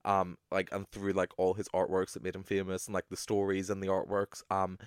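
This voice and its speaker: A man's voice: deep voice, brisk, clean tone, no room sound, studio quality. Chatty young man podcasting. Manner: chatty, swearing, animated with playful put-on voices. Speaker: podcast co-host. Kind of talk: casual chat.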